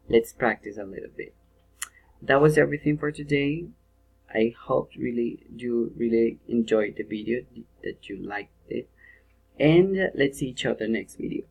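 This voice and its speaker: Young male teacher, video lesson, patient step-by-step explainer, mid pitch. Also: low-quality recording. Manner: explains step by step, often checks with "okay?", self-corrects. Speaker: English pronunciation teacher.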